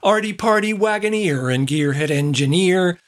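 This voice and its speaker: A woman reading a whimsical poem aloud in a slow, rhythmic recitation. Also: lowish voice, expressive. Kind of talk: poetry reading.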